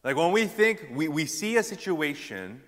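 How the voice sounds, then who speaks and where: A young man preaching a sermon, telling animated personal stories with casual fillers and loud punchlines. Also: fairly high pitch, moderate pace, big-room sound. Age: young adult.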